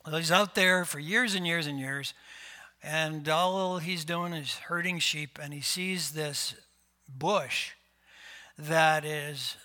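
Middle-aged male pastor from Canada, slow relaxed sermon, pitch a bit high, bright. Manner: slow, conversational preaching with fillers and rhetorical questions.

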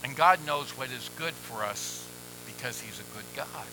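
A man preaching a sermon as pastor, measured and emphatic with deliberate pauses. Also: mid-range voice, lively intonation, pushed and bright, a little hiss or hum, poor audio.

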